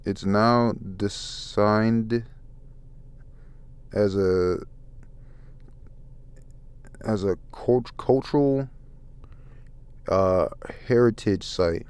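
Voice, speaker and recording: A man in a soft-spoken ASMR comic review, reading haltingly, stumbling over words and apologizing. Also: lowish voice, smooth. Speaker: ASMR manga reader.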